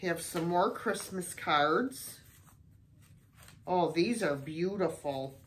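A woman's voice: fairly low pitch, takes it slowly, a little hiss or hum. A middle-aged American woman chatting casually in a vlog, gushing and exclaiming over each thrift find. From United States. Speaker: thrift haul vlogger.

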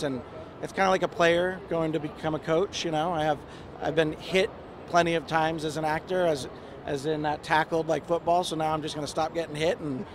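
A man's voice: on the high side, background noise. A man being interviewed outdoors at a fan convention, talking in an easygoing, hesitant way with fillers and restarts. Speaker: actor and producer, interview guest. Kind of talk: casual live interview.

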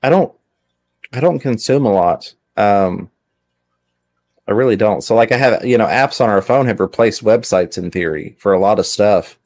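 A man's voice: fairly low pitch, normal speed, a little mellow, dry recording. A middle-aged man hosting a casual chat, easygoing and rambling, often restarting his sentences. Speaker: host.

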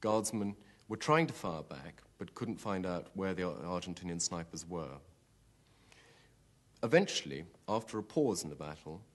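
Deep-voiced man, matter-of-fact war account. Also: expressive, moderate pace. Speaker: army platoon commander recalling a battle. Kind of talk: documentary interview recollection.

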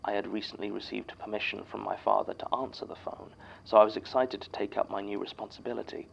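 A gravelly, low-voiced archivist reads a statement in a measured, somber way. The recording is dull and lo-fi, with a faint hiss underneath. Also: male voice, level tone. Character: male archivist reading a written statement aloud. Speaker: narrator reading a statement. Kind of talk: scripted horror narration.

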